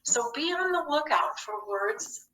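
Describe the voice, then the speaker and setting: In a high, bright, forceful voice, a woman patiently teaches young children phonics, asking questions and answering them on her own. She's animated yet unhurried, recorded far from the mic in an echoey classroom with slight background noise.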